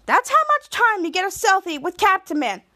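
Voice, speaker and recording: A woman's voice: very high voice, big pitch swings, moderate pace, sharp tone, no room sound, clean studio sound, voice pushed up, exaggerated voice. A woman voicing a snooty young girl who mocks and bosses others. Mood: haughty. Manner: haughty and mocking.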